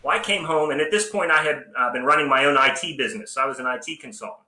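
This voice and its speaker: A middle-aged American man, a priest and psychology professor, tells his story as an interview guest with lively, self-deprecating humor. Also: mid-range voice, quick pace, crowd noise. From United States. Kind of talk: personal testimony in a casual interview. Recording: roomy echo with faint background noise.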